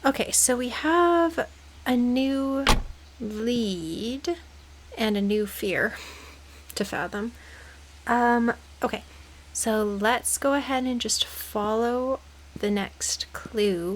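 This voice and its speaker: A woman's voice: on the high side, slight background noise. A woman gamer giving playful, dramatic let's-play commentary. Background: game music.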